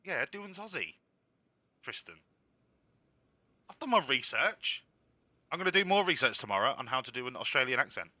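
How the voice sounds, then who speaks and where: A man's voice: mid-range voice, sing-song, brisk, pauses often, sharp tone, no room sound. A man giving casual, joking commentary while playing a game, sweary and self-mocking. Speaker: streamer.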